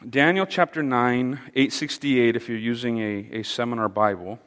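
A man leading an interactive Bible study, speaking haltingly with fillers and repeated words and putting questions to his audience. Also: mid-range voice, fairly bright tone, smooth. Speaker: Bible teacher. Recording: long reverb of a large hall.

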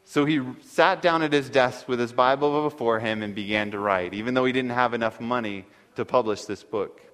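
Male preacher, mid-pitched, sermon storytelling; reverberant hall. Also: normal speed, a bit bright. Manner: earnest, reads a story aloud.

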